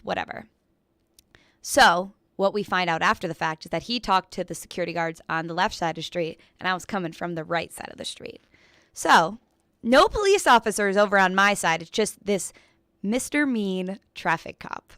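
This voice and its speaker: A young woman co-hosting a radio show, telling a ranting story in a casual, animated way full of "like", often laughing. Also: medium pitch, normal speed, clean tone, no room sound, studio quality. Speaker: radio co-host.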